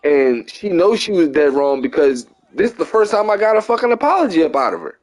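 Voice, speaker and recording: Young adult man, Philadelphia accent, gaming host telling a profane, rambling story; fairly high voice. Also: brisk. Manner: profane, rambling, animated venting with frequent "you get what I'm saying". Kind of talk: casual storytelling over gameplay.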